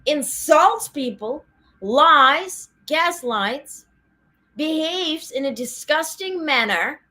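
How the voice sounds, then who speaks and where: A woman hosts a political livestream in a casual, indignant rant. Her voice sits a little high and comes out bright and cutting. She keeps breaking off to answer live viewers. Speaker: host of a political news livestream.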